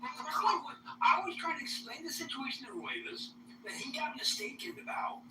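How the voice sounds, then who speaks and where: A woman's voice: high-pitched, expressive, fairly quick, echoey room, recorded from a distance, noisy background. A woman in a heated voice chat argument, exasperated, cursing and demanding action. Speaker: voice chat participant. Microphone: voice chat app.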